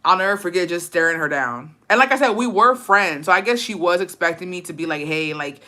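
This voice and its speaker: A young woman on a livestream telling a story in a blunt, profane, animated way, slipping Spanish phrases into her English. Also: fairly low pitch, fast. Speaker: livestream host. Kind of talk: casual storytime rant.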